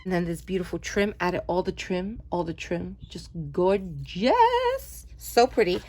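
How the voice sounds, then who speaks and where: A woman's voice: fairly low pitch, fairly even intonation, moderate pace, darkish tone. A woman vlogger chatting through her craft projects, gushing and often correcting herself. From New York. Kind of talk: casual show-and-tell narration.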